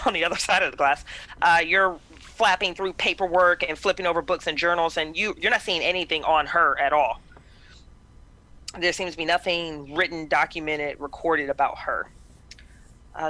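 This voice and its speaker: A woman narrating as game master of a tabletop game, with many pauses and fillers. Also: lowish voice, pushed and bright. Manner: hesitant, lots of fillers.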